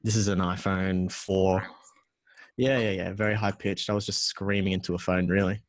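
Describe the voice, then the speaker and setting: A man's voice: low voice, flat delivery, moderate pace. A man with an Australian accent, a music producer walking through his session in a casual, self-deprecating way with many fillers. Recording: music playing behind the voice.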